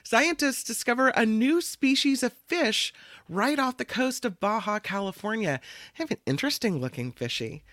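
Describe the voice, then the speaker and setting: A man's voice: extremely high pitch, expressive, normal speed, pushed and bright, no echo, clean studio sound. A man co-hosting a casual news show, reading stories aloud with playful asides. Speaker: co-host.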